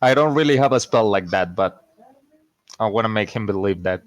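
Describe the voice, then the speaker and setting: A man's voice: lowish voice, lively intonation, no room sound. A man playing a tabletop game, talking hesitantly with lots of fillers. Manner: hesitant, filler-heavy, slow-spoken. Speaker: player. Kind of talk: casual in-character tabletop play.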